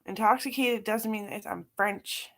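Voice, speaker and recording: A woman's voice: medium pitch, fairly even intonation, a little slow, gravelly, a bit bright. A middle-aged woman talking in a rambling, casual monologue, profane and scattered, jumping from aside to aside. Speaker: vlogger.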